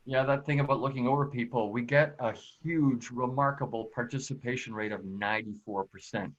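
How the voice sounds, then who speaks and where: A man presenting a webinar in a casual, friendly way, often pausing with fillers. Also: mid-range voice. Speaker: productivity expert and presenter. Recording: slightly dull, lo-fi audio.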